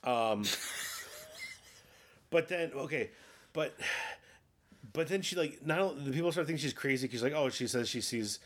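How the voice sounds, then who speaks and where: A man's voice: medium pitch, lively intonation, a little slow, pauses often. Sweary rambling man chatting about a movie. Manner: rambling, sweary, acts out quotes. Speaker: podcast co-host. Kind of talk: casual movie chat.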